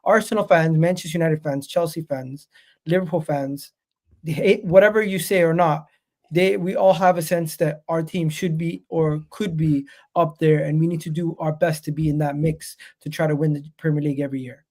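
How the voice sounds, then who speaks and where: A man hosting a casual football podcast, blunt and animated, calling his co-host bro. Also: fairly high pitch, moderate pace.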